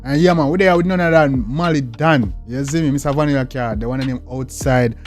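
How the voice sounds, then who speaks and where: A man's voice: medium pitch, brisk. A young man with a Jamaican accent hosting a music reaction video, talking in a hyped, slangy way and repeating catchphrases. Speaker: reaction channel host. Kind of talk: casual reaction commentary.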